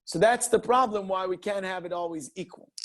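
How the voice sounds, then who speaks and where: A rabbi teaching students in an informal walking class, with a fairly high voice for a man. He argues his case with rhetorical questions that he answers himself. His delivery is animated and full of restarts. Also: brisk. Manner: argumentative, poses rhetorical questions and answers them.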